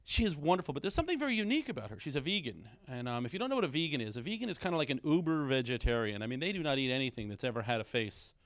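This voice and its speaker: A middle-aged man doing a stand-up comedy set, self-deprecating, with quick punchlines and short bits where he acts out his kids. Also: medium pitch, big pitch swings, no room sound. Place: small comedy stage with a live audience.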